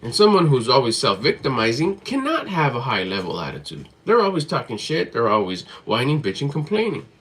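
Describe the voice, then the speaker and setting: A man's voice: mid-range voice, huge pitch swings, a little fast, few pauses, a bit bright. A man giving a motivational talk to camera in a blunt, emphatic way, swearing freely and hammering his points through repetition. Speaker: motivational vlogger.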